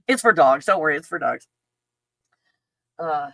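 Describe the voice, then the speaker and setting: A rambling, chatty middle-aged woman hosting a casual livestream. Her voice sits low, and the sound is close and dry, with no room around it. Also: expressive, unhurried, long pauses, fairly bright tone, no echo. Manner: rambling, chatty, laughs often, talks to her dog. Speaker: channel host.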